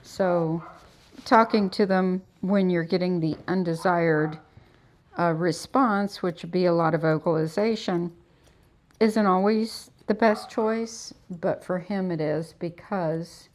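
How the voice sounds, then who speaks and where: A woman's voice: on the low side, takes it slowly. A middle-aged woman, a dog groomer, chatting on a livestream as she works, soothing the dog and telling stories. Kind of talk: casual livestream chat while working. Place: grooming salon.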